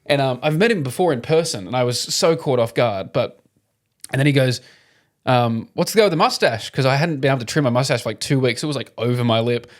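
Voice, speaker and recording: A young Australian man co-hosting a podcast, telling a story in an animated, casual way, swearing freely and laughing often. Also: medium pitch, fairly quick. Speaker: podcast co-host. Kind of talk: casual chat.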